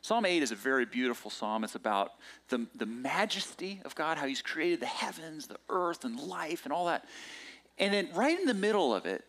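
Lively, animated male preacher. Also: on the high side, moderate pace. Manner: conversational and animated, acting out quoted lines. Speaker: pastor. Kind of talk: sermon.

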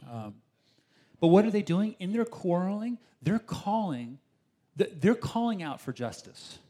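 A man preaching a sermon in a relaxed, conversational way, with asides to the congregation and quoted voices. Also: high voice, measured pace. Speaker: pastor.

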